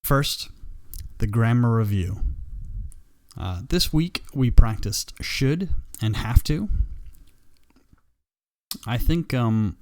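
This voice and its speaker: A man teaching a live English grammar lesson, patient and slow, repeating example sentences for learners. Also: medium pitch, animated, dry recording, clean studio sound. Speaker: ESL teacher.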